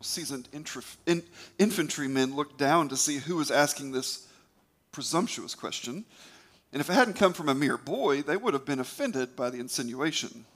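A man's voice: medium pitch, a bit bright. A man retelling a scripture story as a preacher, emphatic, with occasional stumbles.

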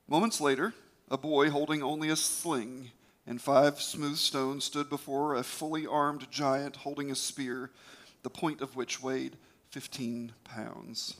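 A man's voice: mid-range voice, fairly even intonation, a little slow. A man retelling a scripture story as a preacher, emphatic, with occasional stumbles.

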